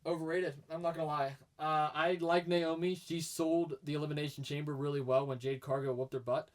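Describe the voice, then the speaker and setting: A man's voice: on the high side, level tone, brisk. A man co-hosting a casual podcast chat, opinionated and rambling, laughing often as he talks. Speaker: podcast co-host.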